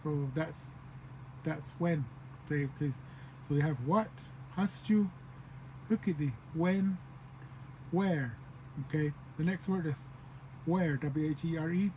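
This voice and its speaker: A man teaching a language lesson at a slow, patient pace, saying each word over and over. He acts out everyday example phrases, and his voice sits a little high for a man. A faint outdoor hum with passing vehicles runs under the recording. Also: darkish tone, low-quality recording. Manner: repeats words slowly, acts out example phrases.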